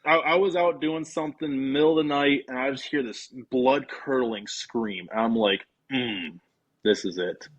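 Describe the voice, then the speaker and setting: Heard through lo-fi sound, a man speaks at normal speed with few pauses, his pitch medium. As a podcast guest, he tells a long, casual story and animatedly voices what he and his friends said.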